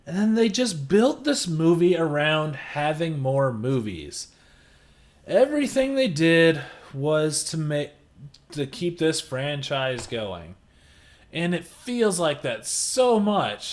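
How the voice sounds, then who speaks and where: A man with a fairly high voice talks through a film review in a casual vlog. He speaks slowly and haltingly, breaking off mid-thought. His tone is blunt and exasperated. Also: very animated.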